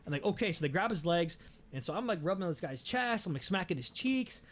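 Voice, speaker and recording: A young man hosting a podcast, telling a story in a casual, animated way, swearing often and restarting his sentences. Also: high voice, fast talker. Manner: animated, profane, many restarts. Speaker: podcast host.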